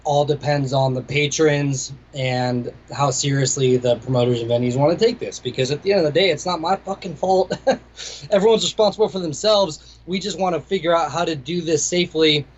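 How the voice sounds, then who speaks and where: Speaking at a normal speed with a slightly high pitch, this young man is a DJ and producer guesting on an interview. His talk is casual, easygoing and meandering, peppered with curse words, captured on somewhat muffled lo-fi audio.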